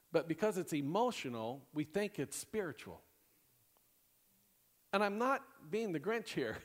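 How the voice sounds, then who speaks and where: Male pastor, slightly high voice, preaching with big swings from loud to hushed, chatty and laughing; long church-hall reverb. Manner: animated preaching, swinging from loud bursts to hushed near-whispers, laughing often. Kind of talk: sermon. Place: church sanctuary.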